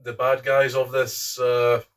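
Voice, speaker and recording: A man's voice: mid-range voice, completely flat delivery, takes it slowly, recorded from a distance. A Scottish man joking bluntly in a casual quiz chat.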